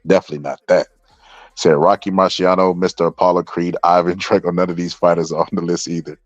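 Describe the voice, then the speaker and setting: A man's voice: sits low, level tone, fast, no echo, highs cut off. A tired man casually commenting on boxing and reading viewer comments aloud, laid-back, saying "bro" a lot. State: tired from staying up late.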